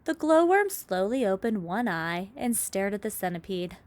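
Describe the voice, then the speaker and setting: Woman reading a storybook aloud, lively. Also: mid-range voice, moderate pace, dry recording. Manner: expressive, lively. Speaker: reader.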